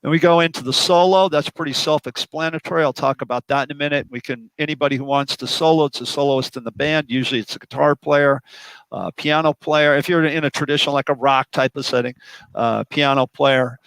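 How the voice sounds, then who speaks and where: A fairly high-voiced middle-aged man teaching drums, walking through a song chart step by step. He counts the beats out loud as he explains. The sound is close and dry, with no room around it. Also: fairly even intonation, a little fast, smooth, no echo, poor audio. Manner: explanatory, counts beats aloud while demonstrating. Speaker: drum teacher.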